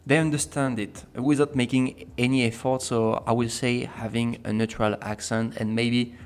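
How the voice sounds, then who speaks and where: Give me a French man speaking English as a host, casual and halting, with many fillers. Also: medium pitch, level tone, clear, resonant tone. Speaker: project founder and host.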